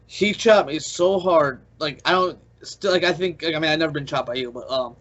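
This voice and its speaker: A man's voice: fairly high pitch, moderate pace, fairly bright tone. A man hosting a podcast interview, eager and full of fillers, laughing along as he recalls stories. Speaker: podcast host. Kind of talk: casual interview chat. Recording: dull lo-fi podcast audio.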